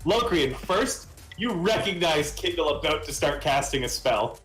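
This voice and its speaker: A man's voice: a little high, lively intonation, measured pace, fairly bright tone, roomy sound, soft background music, low-quality recording. A man narrating as game master of a tabletop game, rambling with restarts. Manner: rambling, many fillers and restarts.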